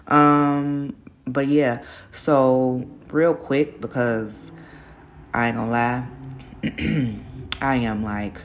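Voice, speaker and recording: A woman's voice: extremely low pitch, fairly even intonation, extremely slow, pauses often, slight background noise. A middle-aged woman hosting a casual solo podcast, talking candidly in slangy, self-encouraging speech, openly nervous, her voice groggy from the early morning. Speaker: podcast host.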